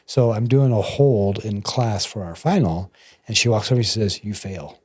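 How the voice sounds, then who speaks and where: Man, low voice, husky, animated storyteller, interview guest. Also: normal speed, no room sound. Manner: animated, acts out quotes with jumps in pitch. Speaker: guest, massage therapist and energy bodyworker.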